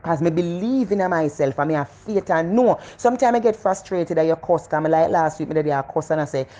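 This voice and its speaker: A middle-aged woman with a Jamaican accent giving a casual motivational talk, animated and preachy, repeating phrases for emphasis. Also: deep voice, fairly quick. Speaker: motivational vlogger.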